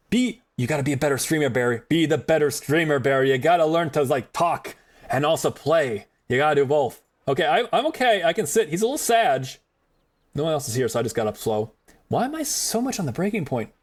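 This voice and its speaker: A male game streamer chatting through his play in a joking, profane, rambling way. His slightly high voice bounces around a lot in pitch as he talks. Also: sing-song, fast talker. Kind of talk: casual gaming commentary.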